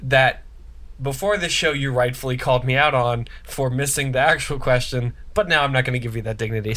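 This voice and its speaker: A young man from the United States co-hosting a casual faith podcast. He talks in a loose, joking way, often breaking off and restarting his sentences. His voice sits at an ordinary middle pitch for a man. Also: fairly bright tone. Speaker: podcast co-host.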